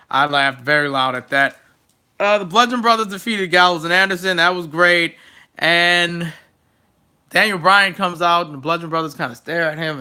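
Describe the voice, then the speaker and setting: A young man hosting a casual solo wrestling recap, chatty and excitable, with jokey fan asides. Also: on the high side.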